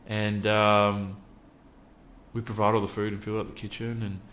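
A man's voice: fairly low pitch, monotone, normal speed, a bit bright, reverberant, slight background noise. A man, a youth worker, telling a personal story earnestly with many fillers and restarts. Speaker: podcast guest, youth worker.

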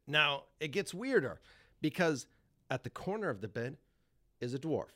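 A man's voice: on the high side, moderate pace. A man telling a wild party story as a podcast guest, swearing a lot and laughing often. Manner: profane, animated, laughs often. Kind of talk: casual storytelling.

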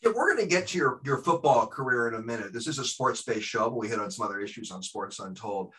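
A man hosting a sports podcast, asking his guest questions in a quick, eager way. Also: medium pitch, expressive, fairly bright tone, low-quality recording. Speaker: podcast host. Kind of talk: interview questions.

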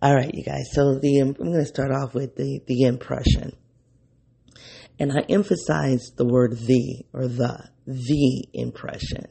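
A man's voice: medium pitch, fairly even intonation, measured pace, gravelly, dark tone, husky. A man hosting an unscripted solo podcast in his early-morning voice, rambling and correcting himself as he thinks aloud. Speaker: podcast host.

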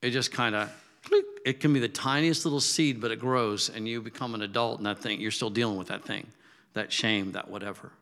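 A man's voice: fairly low pitch, fairly quick, a bit bright. A man preaching a sermon in a casual, conversational way that builds to emphatic, raised peaks. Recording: long hall reverb.

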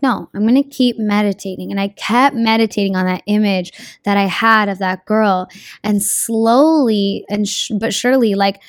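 A young woman giving a casual motivational talk about her own story, energetic and slangy, swearing freely and acting out what people say. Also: mid-range voice, no echo, studio quality. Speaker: speaker sharing a personal story.

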